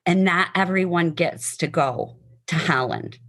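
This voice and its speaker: A woman's voice: lowish voice, a little slow, a bit bright. A woman sharing her personal testimony and reading a poem aloud, heartfelt and emotional, sometimes stumbling over words.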